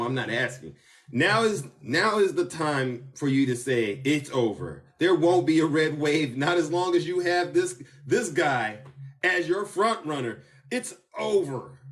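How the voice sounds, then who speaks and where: High bright guy on a tiktok live, teasing, whooping, kinda far from the phone. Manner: animated, teasing, bursts into laughter and whoops. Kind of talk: casual political commentary livestream. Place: car.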